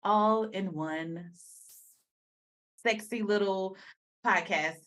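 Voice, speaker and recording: A woman's voice: mid-range voice, takes it slowly, a bit bright. A woman hosting a podcast in casual chat, chatty and giggly with rambling asides. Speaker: podcast host.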